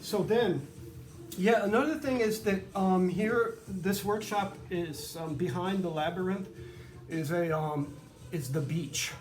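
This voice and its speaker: A man's voice: high-pitched, measured pace, reverberant. A man who makes violins, explaining his work in a rambling, chatty way full of fillers and asides. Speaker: violin maker. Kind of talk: casual workshop tutorial. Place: humid workshop near the beach.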